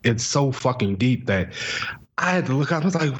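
A man's voice: mid-range voice, expressive, a little fast, muffled recording, background noise. A young man co-hosting a podcast, ranting animatedly in casual chat and acting out his own reactions. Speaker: podcast co-host.

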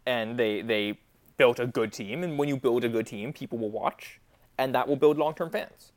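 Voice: mid-range voice, normal speed. A podcast co-host talking casually, with frequent restarts and fillers. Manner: hesitant, many restarts and "like". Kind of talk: casual hockey chat.

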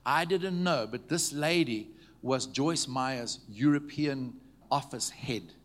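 A man preaching to a congregation, telling stories in a conversational way, checking in with the listeners and dropping to a hushed tone at tender moments. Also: medium pitch, slow pace. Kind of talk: storytelling sermon. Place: church meeting before a live audience.

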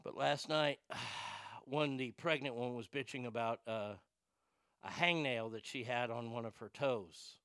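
A man's voice: medium pitch, a little slow, fairly bright tone, clean tone, dry recording, studio quality. A man hosting a talk radio show, ranting animatedly about a reality show with crude asides and stammered restarts.

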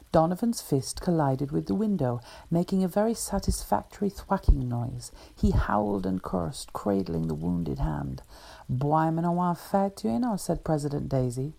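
A woman author reading her own short story aloud in a measured, even way. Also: fairly low pitch, creaky.

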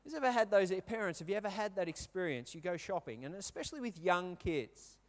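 Speaking in a high voice with lively intonation and a fairly quick pace, a thirtysomething Australian pastor tells stories and asks the congregation questions during a chatty sermon. The recording comes from a reverberant hall.

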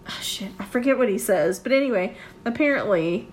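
A woman's voice: mid-range voice, animated, fairly quick. Rambling, swearing woman in casual chat.

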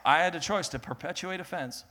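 A young man preaching a sermon, animated and laughing, rising to loud peaks and dropping to a soft, earnest tone. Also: fairly high pitch, a little fast. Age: young adult. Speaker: pastor.

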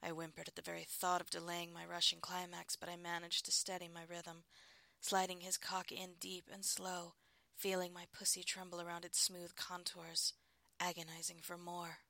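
A woman reading a first-person adult story in a soft, breathy, intimate voice. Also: on the low side, completely flat delivery, normal speed, no room sound. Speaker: narrator.

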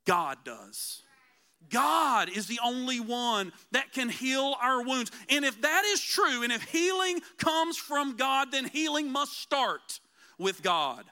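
A man preaching a conversational sermon as pastor, earnest and emphatic, slowing down to repeat key phrases. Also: very high voice, sing-song, pushed and bright.

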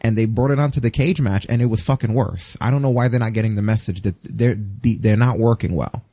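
A man's voice: fairly low pitch, brisk, warm tone, slightly rough, no room sound. A man co-hosting a casual wrestling chat, ranting bluntly and swearing freely. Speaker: podcast co-host.

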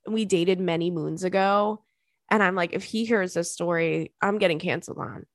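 A woman's voice: lowish voice, moderate pace, dry recording. Chatty, dry-miked woman podcaster. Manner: candid, chatty oversharing with frequent laughter and swearing. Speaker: podcast host. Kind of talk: casual chat.

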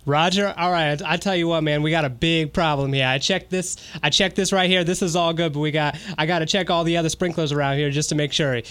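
A pushy, rude New York repairman barks orders, as a man puts him on. The voice is bright and tense, a little higher than usual, and recorded dry and close. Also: fairly even intonation, fairly quick, few pauses, clean tone, no room sound, close to an everyday voice. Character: brash adult male fake sprinkler repairman.

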